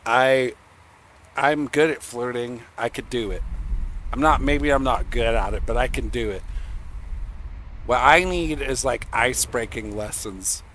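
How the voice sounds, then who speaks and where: A man's voice: medium pitch, measured pace, long pauses, a bit bright, slight background noise. A young man streaming and chatting casually, rambling and joking crudely. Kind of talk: casual chat.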